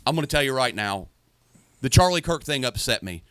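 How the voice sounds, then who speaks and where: A man, a former Marine, co-hosting a podcast in forceful, profane, heated casual talk. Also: mid-range voice, lively intonation, brisk, smooth, dry recording. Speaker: podcast co-host.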